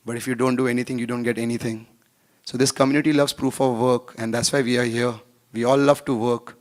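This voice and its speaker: A man speaking from a conference workshop stage into a microphone, at an ordinary middle pitch. He tells his stories in a lively way, playing out each exchange of dialogue himself. His English is simple and direct, with the phrasing of a non-native speaker. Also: quick pace. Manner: animated, acts out dialogue in anecdotes. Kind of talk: storytelling conference talk.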